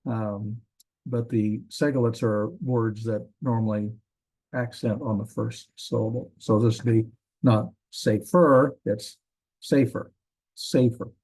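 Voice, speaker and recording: A man teaching a classroom lecture in a relaxed, rambling way, with frequent ums and self-corrections. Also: lowish voice, a little slow, slightly rough. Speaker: Hebrew teacher.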